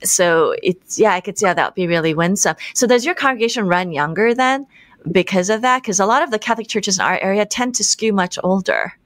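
A woman hosting a podcast interview who speaks in a thoughtful, measured way with frequent pauses. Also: medium pitch, lively intonation, fairly bright tone, no echo. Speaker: podcast host. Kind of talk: conversational interview.

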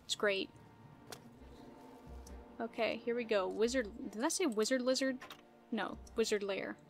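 A woman giving casual gameplay commentary, playful and easily startled, laughing often and yelling at enemies. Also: fairly high pitch, unhurried, soft background music. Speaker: gaming video creator.

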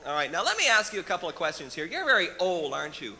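A man's voice: sits high, very animated, quick pace, few pauses, a crowd in the background. A man performing a ventriloquist act, coaxing and upbeat as the straight man to his dummy.

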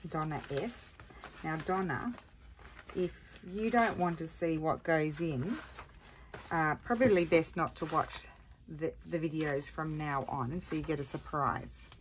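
A woman's voice: low-pitched, measured pace, slight background noise. A tired woman rambling and thinking aloud as she hosts a casual crafting tutorial. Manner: chatty, rambling, thinks aloud while working.

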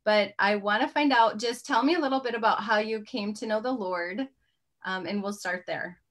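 A woman hosting an interview over a video call, asking questions and warmly affirming her guest. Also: mid-range voice, normal speed. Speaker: podcast host. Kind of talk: interview conversation.

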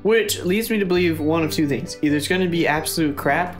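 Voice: mid-range voice, fairly quick, faint music behind. Teasing co-host with a laugh. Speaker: co-host watching the game. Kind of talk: casual chat.

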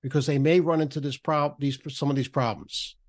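A man's voice: a little high, steady tone, a little fast. A man on a podcast explaining retirement tax rules, often restarting and repeating words as he goes. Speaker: podcast guest, federal benefits writer.

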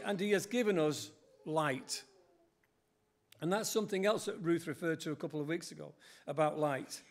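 An older man delivers an earnest sermon in a church, his voice sitting notably high. He quotes scripture and lifts his emphasis as he goes. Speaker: preacher.

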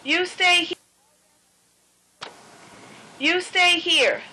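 An earnest, protective male rabbit, read by a woman speaks in a high, bright storybook voice. His warnings sound plain and sincere. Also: very slow, a little hiss or hum, exaggerated voice.

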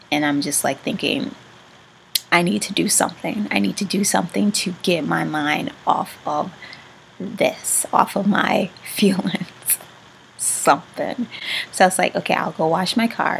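A woman tells a personal story to her vlog audience in a low, gravelly voice. She speaks haltingly, with many restarts and fillers. Her words often fade into a soft whisper, and a faint hiss sits under the recording. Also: low-quality recording. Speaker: vlogger.

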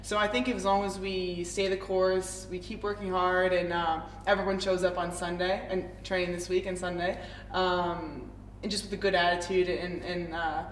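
A young American woman, a footballer guesting on a show, telling stories with animated laughter in casual chat. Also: on the low side, normal speed, echoey room, distant mic, a little hiss or hum, poor audio. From United States. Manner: animated storytelling, laughing often.

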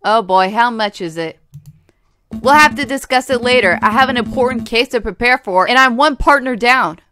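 A woman's voice: fairly high pitch, normal speed, close to an everyday voice. A woman voicing a stubborn, flustered young male lawyer in a game.

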